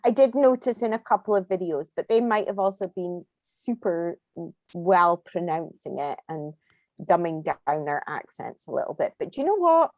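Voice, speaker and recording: A woman's voice: on the low side, very animated, normal speed, a little mellow, no echo. A young adult woman with an Aberdeenshire Scottish accent, co-hosting a podcast in easy, laughing chat. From Scotland. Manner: laughs often, swears casually. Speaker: podcast co-host. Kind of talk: casual chat.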